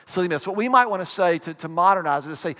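A man preaching a sermon in a conversational way, with asides and quick acted quotes. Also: sits high, expressive, fairly bright tone, long reverb tail. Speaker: pastor.

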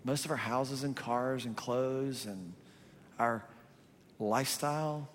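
Slow-paced and mid-range in pitch, a pastor preaches a sermon in a reverberant hall with slight background noise. He is animated and conversational, asking rhetorical questions as he goes.

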